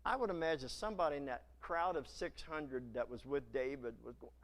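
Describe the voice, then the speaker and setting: A male pastor preaching a sermon in a church, retelling scripture in a dramatic, animated storytelling manner. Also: mid-range voice, a little fast, few pauses.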